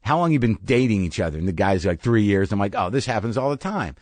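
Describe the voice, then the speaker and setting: A middle-aged man spins a wry, profane story into a studio mic, his voice dry and close with no room around it. He talks casually as a podcast host, dropping into sudden high yelps to mock people. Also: lively intonation, quick pace, a little mellow, dry recording.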